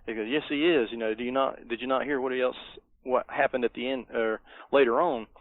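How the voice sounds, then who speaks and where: Middle-aged male cohost, halting delivery full of fillers, dry phone-like sound. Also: mid-range voice, steady tone, no room sound. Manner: hesitant, many fillers, nostalgic. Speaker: podcast cohost. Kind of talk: casual movie review chat. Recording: dry tinny phone-like line.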